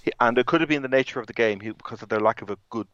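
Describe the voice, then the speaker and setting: A man's voice: mid-range voice, rapid-fire, a bit bright, no room sound, dull audio. A man from England co-hosting a casual football podcast, talking in a rambling way with many restarts. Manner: rambling, frequent restarts and fillers.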